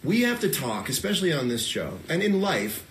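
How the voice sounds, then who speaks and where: A man's voice: on the high side, sing-song, moderate pace, slight background noise. A man hosting a talk show, earnest and talking things through with a guest. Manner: earnest, talks things through, mimics himself. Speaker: show host. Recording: echoey room.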